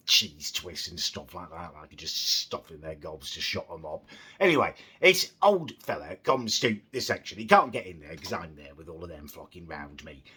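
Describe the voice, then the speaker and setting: A young man talks straight to his vlog camera in a casual rant. His voice is bright and sharp but very husky and raspy, and it sits fairly low. He sounds exasperated and sarcastic as he complains. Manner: quiet, subdued at the start. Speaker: vlogger.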